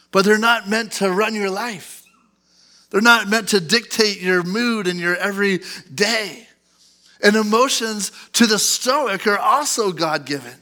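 Man, pastor, lively sermon, high voice, bright and forceful tone, acts out outbursts. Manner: animated, acts out outbursts in a loud put-on voice. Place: church.

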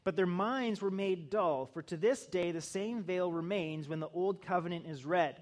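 A man's voice: high-pitched, moderate pace. A middle-aged male pastor giving a conversational sermon, building to emphatic bursts.

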